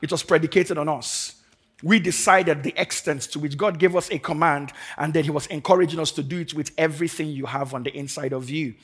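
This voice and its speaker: A pastor in full sermon mode, his voice sitting high and ringing bright with a husky edge. He preaches emphatically to a live congregation, drives points home with fervour and calls on them to repeat after him. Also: steady tone, fairly quick. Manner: emphatic, building to fervent declarations; leads the congregation in call and response. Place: church service before a congregation.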